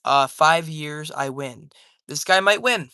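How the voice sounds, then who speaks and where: A man's voice: a little high, takes it slowly, bright, forceful tone, smooth, dry recording. Young guy rambling to his stream chat at home, slangy and loose, dry close sound. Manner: loose, rambling, slangy, calls chat man, dude, bro. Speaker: livestreamer reading chat. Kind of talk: casual livestream chat.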